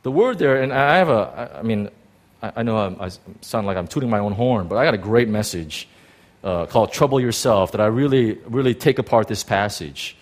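A pastor delivers a sermon to his congregation in an animated, rambling style, dropping in self-deprecating asides. His voice is fairly low and a little fast.

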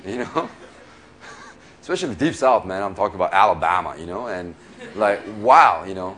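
A middle-aged man preaching in a chatty, animated way, laughing often and filling pauses with fillers. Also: fairly low pitch, a little hiss or hum. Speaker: pastor. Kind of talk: sermon.

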